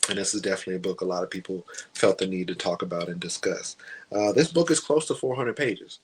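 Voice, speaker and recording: A man's voice: low voice, quick pace, slight background noise, rough recording. A man chatting casually through a book review, rambling and stopping to hunt for names.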